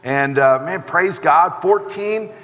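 A man with an American accent preaching a sermon as pastor, animated and acting out the voices of the people he describes. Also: a little high, slow pace. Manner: animated preaching with acted asides. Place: church sanctuary. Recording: long hall reverb.

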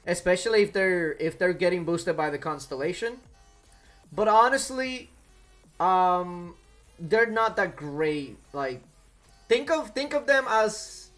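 A man streaming a mobile game, chatting casually with viewers and cooing softly to his cat. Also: high-pitched. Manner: animated, talks to chat and coos to his cat. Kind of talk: casual live-stream chat.

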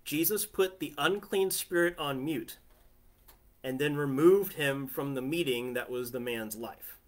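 A man's voice: fairly high pitch, a little slow. A man preaching a sermon from his family living room in a conversational way, often asking listeners "right?". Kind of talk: home sermon.

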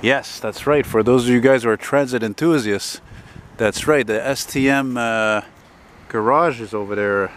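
A man's voice: medium pitch, normal speed, fairly bright tone. Rambling man on a noisy street. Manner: rambling, chatty, swears casually. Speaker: vlogger. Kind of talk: casual walking commentary. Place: outdoors on a busy residential city street. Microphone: handheld camera while walking. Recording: noisy outdoor street recording. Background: passing traffic.

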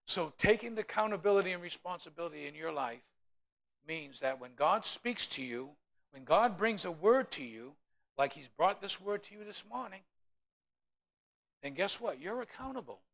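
A man, a pastor, preaching a sermon in an animated way with humorous asides to the congregation. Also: high-pitched, moderate pace, vocal fry, pauses often.

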